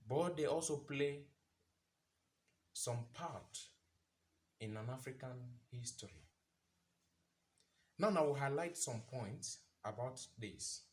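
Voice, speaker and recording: A man's voice: medium pitch, darkish tone. A man giving an impassioned commentary monologue, asking rhetorical questions and repeating phrases for emphasis. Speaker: vlogger.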